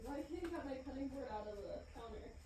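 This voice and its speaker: A woman's voice: sits high, expressive, a little fast, dark tone, a little hiss or hum. A woman hosting a casual mukbang chat in her home kitchen, chatty and laughing often. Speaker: host.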